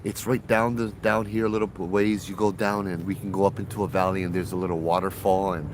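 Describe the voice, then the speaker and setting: A man's voice: sits low, level tone, a little fast, background noise, close to an everyday voice. A man putting on the voice of an alluring young woman who is a spirit in disguise, sweet and coaxing.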